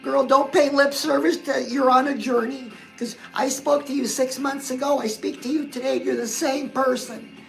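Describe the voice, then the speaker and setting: Sassy high-voiced woman with gravelly edge. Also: steady tone, normal speed, soft background music, low-quality recording. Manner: sassy, coaching, calls listeners "girl". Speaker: host. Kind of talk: livestream pep talk.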